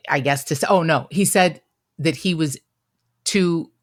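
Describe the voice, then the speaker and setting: A woman's voice: low voice, a little slow. A woman co-hosting a casual true-crime podcast, retelling a conversation with quoted back-and-forth, blunt and self-mocking, with some swearing. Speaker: podcast co-host.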